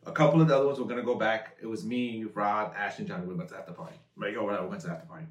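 A man as a podcast guest, telling stories in a laid-back, drawn-out casual way. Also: lowish voice, steady tone. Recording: echoey room, mic far off.

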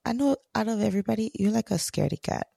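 A woman co-hosting a podcast, talking softly and slowly in casual chat while recovering from surgery. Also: medium pitch, animated, gravelly, husky, no echo, studio quality. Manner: soft-spoken, recovering from surgery. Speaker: podcast co-host.

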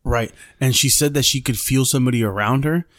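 Podcast co-host, man, mid pitch, easygoing storyteller full of bro and dude, dry close sound. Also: a little fast, dry recording. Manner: laid-back, swears freely, says bro and dude. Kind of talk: casual storytelling chat.

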